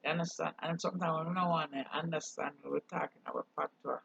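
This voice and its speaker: A man's voice: a little high, fairly even intonation, fast, gravelly, a bit bright, breathy edge. A man from Jamaica with a Jamaican accent, talking earnestly in a casual monologue and mixing patois with English. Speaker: channel host. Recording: dull dry recording.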